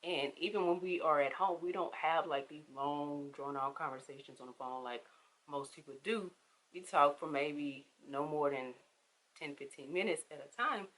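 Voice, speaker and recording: A young woman, telling a casual storytime vlog with animated, emphatic delivery and acted-out quotes. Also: low-pitched, normal speed, rough recording.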